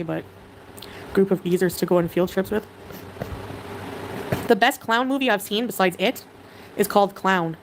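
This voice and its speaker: A woman's voice: medium pitch, slight background noise. A Canadian woman livestreaming, chattily reading viewer comments aloud and greeting viewers.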